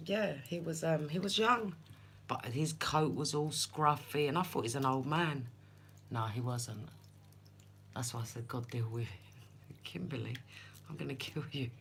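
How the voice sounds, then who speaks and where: A woman's voice: rumbling low, fairly bright tone, a little hiss or hum. Chatty woman reading tarot. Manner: chatty, laughing storyteller who speaks to viewers by name. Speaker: tarot reader. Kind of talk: live-stream tarot chat.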